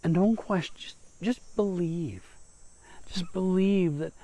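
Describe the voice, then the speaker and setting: This man speaks slowly in a high, mellow voice. Acting as a church pastor, he delivers a short devotional message conversationally, with small restarts and playful asides.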